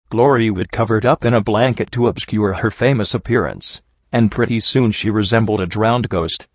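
A man with a low voice narrates a story at a steady, measured pace. The recording is dry and close, with a dull, somewhat lo-fi tone. No room is heard around him. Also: no room sound. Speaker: audiobook reader. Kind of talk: fan fiction audiobook narration.

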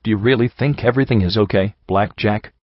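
Guy doing a raspy soft-spoken dealer, stern and cryptic, dry dull audio. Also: fairly low pitch, brisk, no room sound, close to an everyday voice. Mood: reproachful. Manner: lecturing, probing questions. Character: mysterious male card dealer, stern and cryptic.

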